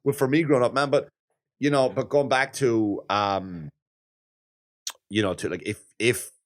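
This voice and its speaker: A man in his thirties co-hosting a casual podcast chat, telling lively stories, acting out quoted voices and laughing often. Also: medium pitch, unhurried. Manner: animated storyteller, acts out quoted voices, swears and laughs often. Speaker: podcast co-host.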